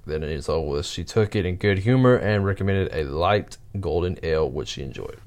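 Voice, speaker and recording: A man with a somewhat low voice reads stories aloud in a casual, halting way. He pauses with fillers and chuckles as he adds his own remarks. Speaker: vlogger reading stories aloud. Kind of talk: casual reading with commentary.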